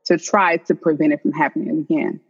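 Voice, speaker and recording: A woman's voice: low voice, flat delivery, brisk, breathy edge. A woman co-hosting a relationship podcast, talking conversationally with many fillers and frequent laughs. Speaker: podcast co-host. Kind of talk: casual podcast chat. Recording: dull lo-fi sound.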